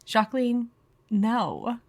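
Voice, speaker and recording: A woman's voice: a little high, lively intonation, slow. A woman co-hosting a podcast in casual chat, blunt and playful, swearing freely and giggling. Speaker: podcast co-host.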